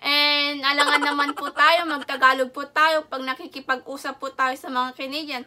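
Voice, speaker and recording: A woman's voice: high-pitched, level tone, a little fast, noisy background. A woman from the Philippines chatting casually in a vlog, switching between Tagalog and English. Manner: mixes Tagalog and English, upbeat greetings. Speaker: vlogger. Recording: loud background music.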